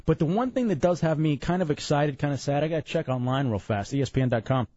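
A man's voice: on the high side, fast talker, mellow, no room sound. A tired young man from Dallas, hosting a casual chat show in a rambling, joking way. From Dallas, Texas. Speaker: podcast host. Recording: dull lo-fi, dry room.

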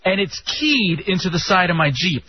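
A young man from Texas hosting a radio show, telling stories in an animated way with casual swearing. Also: sits high, normal speed, slightly rough. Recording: dull lo-fi radio sound.

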